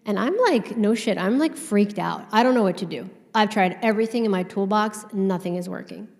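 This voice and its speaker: A woman speaks from a conference stage, telling a personal story with candid, animated energy and a casual swear here and there. Her pitch sits in the middle range. The hall gives her voice a long, ringing reverb. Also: fairly quick, creaky.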